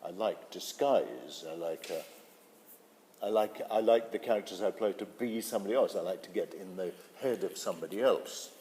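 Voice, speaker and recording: Older man, from Britain, actor being interviewed, lowish voice, relaxed and hesitant, long hall reverb. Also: moderate pace, slight background noise. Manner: relaxed storytelling with hesitant fillers. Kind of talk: interview anecdote. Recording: hall reverb with faint music.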